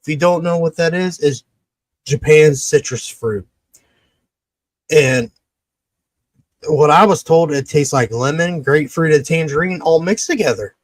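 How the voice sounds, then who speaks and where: A man's voice: on the high side, a little slow, long pauses, no room sound. Rambling man doing a casual ad read. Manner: rambling, swearing, stumbling over words. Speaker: podcast host.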